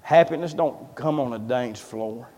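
A man's voice: medium pitch, unhurried, mellow. A man preaching a sermon, telling a long story and acting out the voices of the people in it. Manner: folksy storyteller, acts out quoted voices. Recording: long hall reverb.

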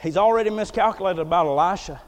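A male pastor preaching a folksy, joking sermon that swells into loud, emphatic declarations, heard in a church. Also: high-pitched, quick pace. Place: church sanctuary. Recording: long reverb of a church hall.

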